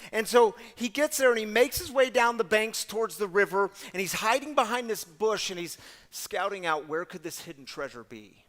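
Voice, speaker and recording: High-voiced man telling a sermon story. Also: normal speed, long reverb tail. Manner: animated, conversational, addresses audience directly. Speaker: guest storyteller.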